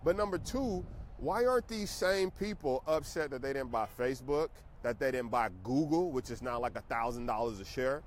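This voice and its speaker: A man's voice: mid-range voice, lively intonation, moderate pace, a little hiss or hum. A middle-aged man, a stock trading teacher, ranting casually and emphatically to his viewers. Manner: emphatic, preachy, conversational. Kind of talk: casual rant to camera.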